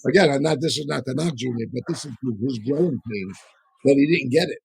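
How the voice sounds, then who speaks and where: A man's voice: medium pitch, a little fast, vocal fry, a little mellow, breathy edge, no room sound, low-quality recording. A man telling long, rambling stories in a casual, profane way, full of restarts and asides, on a live show. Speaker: podcast co-host and storyteller.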